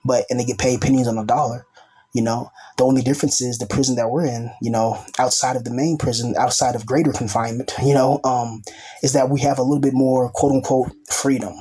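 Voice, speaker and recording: A man's voice: medium pitch, steady tone, fairly quick, mellow. A man talking in a casual, rambling monologue as a self-styled teacher, peppering his talk with asides like "you know" and "bro".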